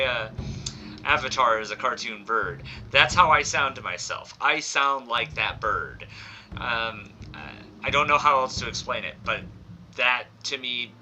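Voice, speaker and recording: A man's voice: medium pitch, low-quality recording. A man chatting playfully while live-streaming a video game, with a slightly squawky voice. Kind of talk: live gameplay commentary. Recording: game music behind.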